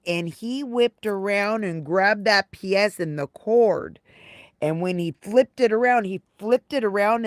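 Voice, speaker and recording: A woman's voice: medium pitch, dry recording. Woman streamer rambling thru a story, says stuff twice, dry close sound. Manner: rambling, repeats phrases often. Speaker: live streamer chatting with viewers. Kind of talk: casual livestream storytelling.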